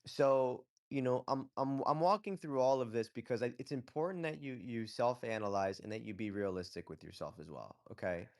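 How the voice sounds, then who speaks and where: A man's voice: mid-range voice, normal speed, few pauses, a little mellow. A man hosting a casual live audio chat, giving blunt, profane advice and often checking in with "okay?". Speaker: host.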